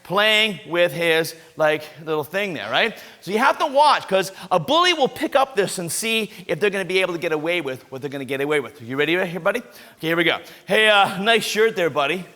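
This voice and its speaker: A man's voice: high-pitched, animated, a little fast, bright, forceful tone. A man giving an upbeat anti-bullying talk at a school assembly, coaching kids through role-play.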